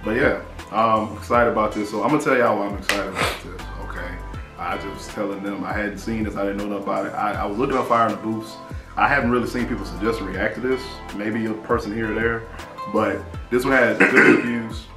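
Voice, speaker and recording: Excited American man, echoey room. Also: on the low side, fairly quick, music in the background. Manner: excited, laid-back storytelling. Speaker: reaction video host. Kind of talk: casual chat.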